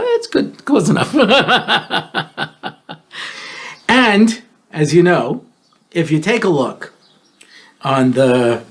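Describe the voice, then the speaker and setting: A man in his sixties hosting a talk show, telling jokes and stories with deadpan punchlines. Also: a little high, creaky, husky. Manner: joking, deadpan punchlines, playful storytelling. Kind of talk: comedic talk show monologue.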